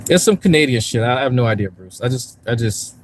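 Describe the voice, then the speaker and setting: A man's voice: medium pitch, lively intonation, fast talker, slight background noise, low-quality recording. A man on a casual live stream, rambling and swearing as he talks to his chat from a park and a car. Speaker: YouTube commentary streamer. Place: outdoors in a park, then in a parked car.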